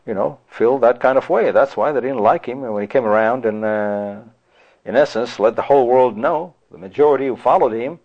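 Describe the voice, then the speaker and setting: A man preaching a sermon in a rhetorical style, often breaking off with "you see" and "you know" asides. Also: mid-range voice. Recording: dull lo-fi recording.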